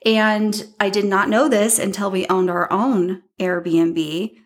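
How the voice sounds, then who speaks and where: A woman, hosting a podcast and telling personal stories in a lively way, often laughing and acting out what people said. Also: mid-range voice, slow pace. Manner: animated, laughs often, acts out quotes. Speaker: podcast host. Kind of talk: personal storytelling.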